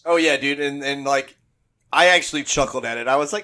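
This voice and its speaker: A man's voice: mid-range voice, a little fast, sharp tone. A middle-aged man co-hosting a casual TV review chat in a laid-back, slangy way. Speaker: podcast co-host.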